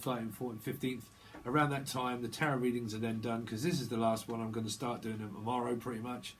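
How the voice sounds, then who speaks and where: A man's voice: mid-range voice, slight background noise, rough recording. A man doing a casual tarot reading vlog, rambling and slangy and often laughing. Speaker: tarot reader.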